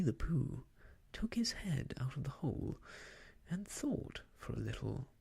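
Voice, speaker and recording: A storyteller reading an old children's book aloud in whispered role-play, slow and soft. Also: mid-range voice, sing-song, gravelly, husky.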